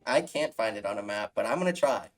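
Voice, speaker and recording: A man's voice: lowish voice, animated, fast. A young man co-hosting a casual betting podcast, laid-back, wry and self-deprecating. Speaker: podcast co-host.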